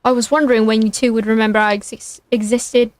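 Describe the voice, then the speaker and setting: A woman's voice: fairly high pitch, flat delivery, quick pace, no echo, lightly acted. Woman doing a grumpy half-asleep British guy. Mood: irritated. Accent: attempted British, drifting Irish. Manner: curt, annoyed. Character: irritated sleepy young British man.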